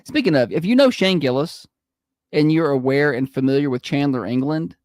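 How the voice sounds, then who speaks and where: A man's voice: a little high, expressive, moderate pace, darkish tone, no echo. A man hosting a morning radio show with a Southern American accent, joking through casual banter. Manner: joking, does old-timey announcer voices.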